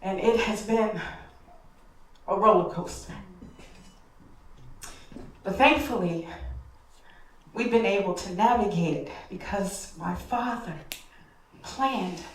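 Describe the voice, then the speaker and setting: A woman's voice: medium pitch, takes it slowly, long pauses. A woman telling a heartfelt personal story on a live stage, speaking directly to the audience. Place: stage in a hall. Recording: echoey hall, distant mic.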